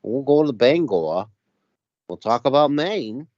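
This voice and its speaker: A man from Massachusetts chatting in an easygoing, relaxed way on a call. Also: medium pitch, unhurried, no room sound, muffled recording. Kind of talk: casual chat.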